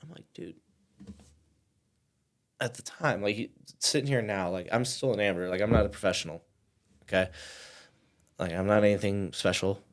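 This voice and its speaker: Loose and casual, a podcast guest in his thirties shares a personal story, packing it with fillers and sinking to near-whispers at times. His voice is lowish and fairly quick.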